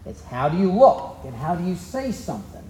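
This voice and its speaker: A man's voice: high-pitched, sing-song, a little fast, mellow, echoey room, slight background noise. A man with a Southern US accent preaching a sermon, telling the story in a folksy, easygoing way. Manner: folksy storytelling, drawling asides. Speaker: pastor.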